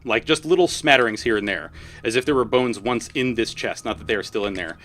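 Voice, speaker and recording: A man in a middle voice range narrating a tabletop game as dungeon master. His speech is casual and loose, with quick laughs slipping in between the descriptions. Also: mid-range voice, a bit bright.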